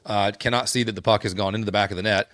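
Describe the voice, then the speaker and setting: A man with a lowish voice hosts a casual podcast and rambles through a story, stopping and restarting often. The sound is dry and close, with no room around it. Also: steady tone, very fast, fairly bright tone, no room sound. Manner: rambling, many fillers and restarts. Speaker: podcast host.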